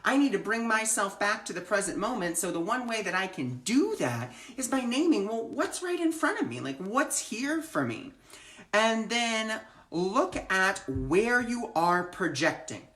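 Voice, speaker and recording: A woman's voice: mid-range voice, sing-song, unhurried, a bit bright, echoey room. A woman who gives readings, speaking earnestly in a live-streamed spiritual talk with flowing, repeated phrases. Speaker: spiritual teacher and reader.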